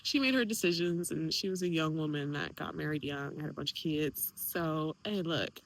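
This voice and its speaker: A young woman speaking candidly in a personal vlog, emotional and animated, quoting others in lively voices. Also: sits low, moderate pace, poor audio. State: tearful at times. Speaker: vlogger.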